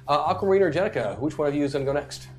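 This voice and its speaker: A woman's voice: deep voice, lively intonation, very fast, soft background music. A woman running a tabletop game as game master, upbeat and encouraging with her players.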